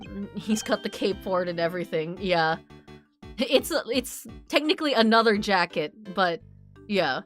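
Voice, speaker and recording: A woman's voice: mid-range voice, lively intonation, normal speed, fairly bright tone, faint music behind. A woman from New Jersey giving game commentary as a streamer, giggly, profane and incredulous.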